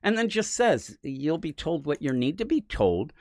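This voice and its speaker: A man co-hosting a comic book podcast, chatting casually, acting out characters in quick voices and swearing freely. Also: a little high, big pitch swings, darkish tone, no room sound, clean studio sound. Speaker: podcast co-host. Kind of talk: casual comic review chat.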